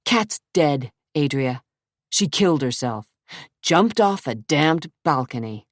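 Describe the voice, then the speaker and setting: A woman's voice: low voice, expressive, takes it slowly, no room sound, studio quality, exaggerated voice. A woman reading an audiobook, voicing a brooding young man who speaks in curt, bitter, sarcastic bursts. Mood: harsh.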